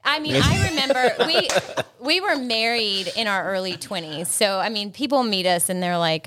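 A woman in her thirties, from South Carolina, chatting as a podcast guest, lively, laughing often and breaking into song. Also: medium pitch, normal speed. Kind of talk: casual chat.

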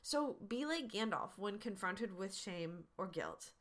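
A woman hosts a podcast and answers listener questions in relaxed, casual talk. She sounds earnest and encouraging, speaking at a middle pitch in a conversational way. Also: unhurried.

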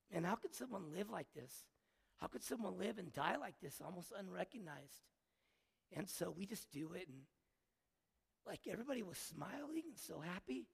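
A man with a gravelly, husky voice tells a story from the pulpit, earnest and emotional, often stopping to restart his thoughts. His voice sits a little high and carries a long reverb from a church sanctuary. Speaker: preacher. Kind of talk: sermon storytelling.

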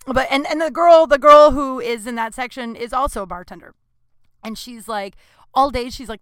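A woman's voice: high voice, normal speed, a bit bright, clear, resonant tone, no echo, clean studio sound. A young adult woman comedian telling a rambling, chatty story with self-deprecating asides. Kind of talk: comic storytelling.

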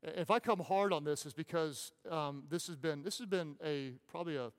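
Male pastor, fervent sermon delivery, slightly higher voice, long church reverb. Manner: impassioned, repeats phrases, drops to soft pauses.

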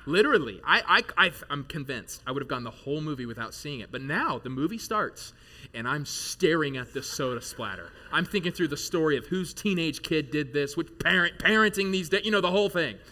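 A man in his thirties preaching a sermon to his congregation, telling a jokey personal story with animated bursts of loud excitement. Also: a little high, fairly quick. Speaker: pastor. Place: church service before a live congregation.

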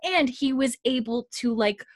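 In a casual chat, a young podcast host recaps a TV episode with animated storytelling, voicing the characters' quotes and laughing a lot. Her voice sits high at a moderate pace, captured with studio quality and no room sound.

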